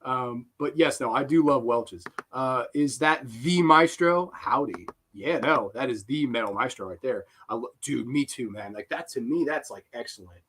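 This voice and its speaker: A man's voice: medium pitch, normal speed, hardly any pauses, fairly bright tone, breathy edge. A young man giving rambling, profane live commentary on a horror film and breaking into giggling fits.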